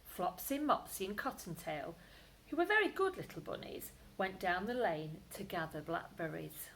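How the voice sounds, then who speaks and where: A woman, a primary school teacher, reading a bedtime story aloud to children, expressive, with whispered asides. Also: fairly low pitch, normal speed, slight background noise, low-quality recording.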